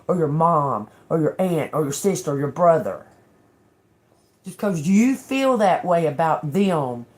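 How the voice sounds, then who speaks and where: A woman's voice: medium pitch, a little mellow. A woman giving a casual tarot reading to her viewers, blunt and emphatic, cursing freely and often checking in with "okay?". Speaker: tarot reader.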